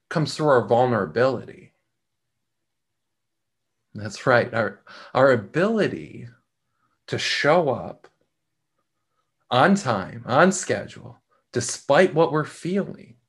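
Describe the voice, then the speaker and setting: A middle-aged man hosting a reflective talk, speaking in a slow, measured way with frequent pauses and repeated words. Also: medium pitch, slightly rough. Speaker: podcast host.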